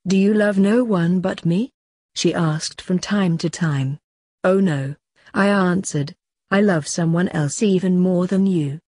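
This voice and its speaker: A woman reading a devotional diary aloud in the first person, in a measured, earnest, devotional delivery. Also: fairly low pitch, darkish tone, husky, dry recording. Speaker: audiobook narrator.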